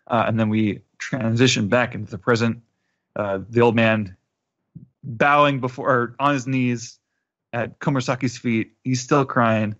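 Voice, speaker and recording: A man's voice: lowish voice, fairly even intonation, normal speed, a bit bright. A man hosting a podcast, narrating a scene in casual chat. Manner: narrating a scene with quoted lines. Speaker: podcast host. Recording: dull lo-fi podcast audio.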